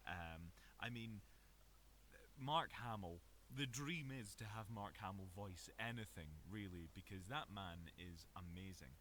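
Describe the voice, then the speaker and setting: A man's voice: low-pitched, measured pace, slight background noise. A Scottish man, a voice actor, rambling chattily and mocking himself in a small cupboard recording booth. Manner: chatty, self-mocking, animated.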